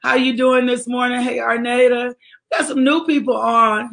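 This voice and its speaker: A woman hosts a livestreamed morning devotional for her ministry. She speaks in a lively, exhortative way and greets viewers by name. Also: on the high side, moderate pace, creaky. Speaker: ministry leader hosting a devotional.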